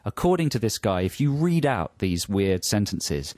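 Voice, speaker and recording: A man's voice: lowish voice, big pitch swings, moderate pace, darkish tone, dry recording. A man co-hosting a casual radio chat in a studio, jokily reading from an article. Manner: jokey, reads out from an article. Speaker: radio co-host. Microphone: studio microphone.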